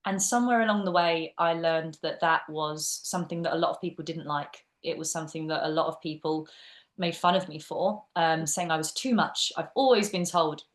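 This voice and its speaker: A woman's voice: low voice, a little fast. A British woman, an actress and teacher, chatting as a podcast guest and telling stories animatedly with plenty of fillers. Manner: animated storytelling with many fillers. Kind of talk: casual interview chat.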